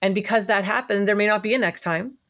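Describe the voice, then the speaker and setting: Woman host, warmly affirming, long flowing chat. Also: mid-range voice, quick pace. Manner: enthusiastic, affirming, talks in long run-on thoughts. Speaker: podcast host. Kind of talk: casual interview chat.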